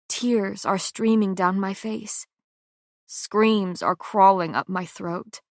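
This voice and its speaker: A woman narrating a fantasy audiobook in the first person, measured and dramatic. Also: mid-range voice, fairly bright tone, dry recording, studio quality.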